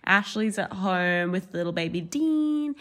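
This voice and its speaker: A woman's voice: mid-range voice, lively intonation, measured pace, a bit bright. Chatty woman podcaster. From Australia. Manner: chatty, swears freely, mimics people she discusses. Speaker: podcast co-host. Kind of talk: casual chat.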